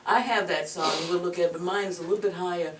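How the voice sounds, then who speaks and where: During a voice lesson, a woman with a lowish, steady voice talks fast, chatting encouragingly and calling her student "girl." The mic sits far away in an echoey room that carries background noise.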